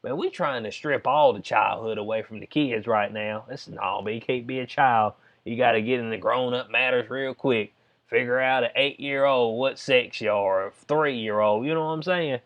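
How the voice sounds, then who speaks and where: A news-commentary vlogger with a Southern US accent speaks in a mid-range voice at a moderate pace over lo-fi sound. He reads parts of the story aloud and talks loosely, often tossing in "you know what I'm saying."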